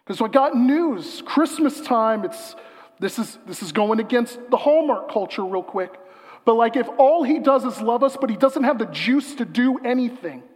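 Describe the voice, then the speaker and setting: High-voiced man preaching in a big hall. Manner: emphatic, rising to loud peaks, then slow and hushed for a reading. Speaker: pastor. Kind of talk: sermon.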